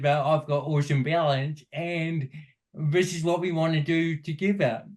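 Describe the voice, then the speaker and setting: A man in a podcast conversation, a motivational speaker telling earnest stories and often quoting what others said to him. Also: fairly high pitch.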